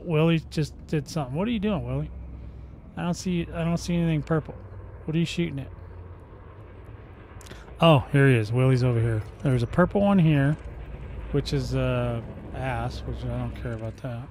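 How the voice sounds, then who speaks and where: His medium-pitched, darkish voice comes at a normal speed with frequent pauses, and there's slight background noise. He's a gaming-channel host narrating live play with playful jokes and mouth-made gun noises.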